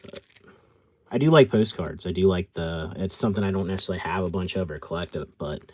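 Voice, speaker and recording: A man with a deep, low voice talks through a casual live stream in a loose, rambling way. He answers viewers' questions as they come and often stops to correct himself or trail off mid-thought. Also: quick pace, slight background noise. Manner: rambling, answers chat as he sorts. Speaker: card collector streamer.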